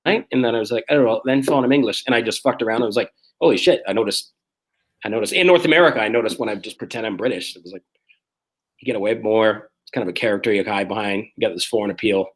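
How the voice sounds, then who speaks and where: A man in his forties, a comedian guest telling rough, profane stories on a video call and acting out the quotes. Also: fairly low pitch. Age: 40s. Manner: rapid, profane storytelling that acts out quotes. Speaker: guest, street performer and comedian. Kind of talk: casual podcast chat.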